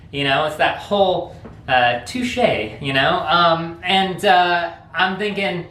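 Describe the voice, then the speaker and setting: A man's voice: high voice, takes it slowly, bright, forceful tone, echoey room. A man telling a funny childhood story in a rambling, casual way, laughing often. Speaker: vlog host.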